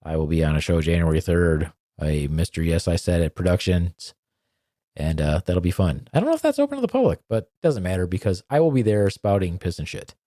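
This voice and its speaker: A man's voice: deep voice, sing-song, a little fast, dark tone, no echo, studio quality. Wry swearing man podcast host. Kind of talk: casual chat.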